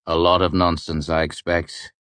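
A man reading the part of a wry innkeeper storyteller, with calm, amused, dismissive delivery. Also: low voice, normal speed, clean tone, no echo.

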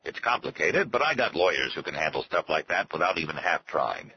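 A man's voice: a bass voice, big pitch swings, brisk, muffled recording, a little hiss or hum, heavily acted. A man voicing a sly, brash businessman who talks in breezy, folksy slang. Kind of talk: audiobook character voice.

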